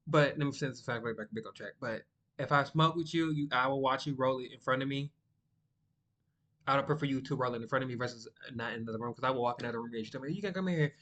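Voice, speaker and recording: A young man, chatting casually and rambling to the camera, by his own account monotone. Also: mid-range voice, quick pace. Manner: rambling, sidetracked, self-described monotone. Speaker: vlogger.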